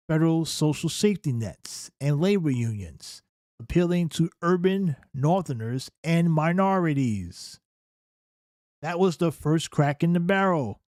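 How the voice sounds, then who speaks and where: A man talks through political history in an unscripted reaction commentary. He is emphatic and keeps turning to the listener with "right?". His voice sits a little high, and the sound is dry and close to the mic. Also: a little mellow, dry recording.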